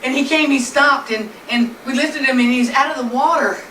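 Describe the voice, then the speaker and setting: A woman's voice: sits high, moderate pace, bright, forceful tone. A woman telling her husband's illness story in an earnest, plainly spoken way, speaking from a distance in a noisy, echoey room. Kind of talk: personal storytelling presentation.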